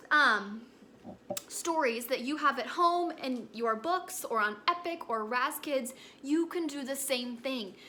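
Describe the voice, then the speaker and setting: A young woman teaches a recorded lesson for kindergartners with a high, bright voice. She speaks in a gentle, encouraging storytelling manner. Faint background noise sits behind her.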